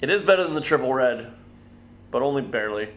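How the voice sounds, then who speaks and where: A man's voice: mid-range voice, animated, quick pace, noisy background. A man reviewing beer in a casual vlog, wry and blunt, swearing offhandedly.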